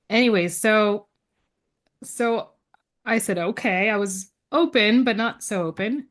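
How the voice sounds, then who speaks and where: This is a woman guest chatting through a personal story at an everyday mid pitch. She jumps into the quoted voices of the people she talks about and leans on fillers and quick restarts as she goes. Her voice sits in the middle of a woman's range. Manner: lively storyteller who acts out quoted dialogue; frequent fillers and restarts, laughs between lines. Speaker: podcast guest. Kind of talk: casual interview storytelling.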